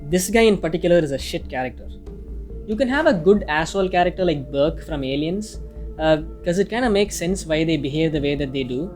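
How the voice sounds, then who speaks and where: A man's voice: on the high side, animated, brisk, a little mellow. A man reading a casual, opinionated film review, now and then swearing mildly. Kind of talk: scripted review narration. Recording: music playing faintly behind.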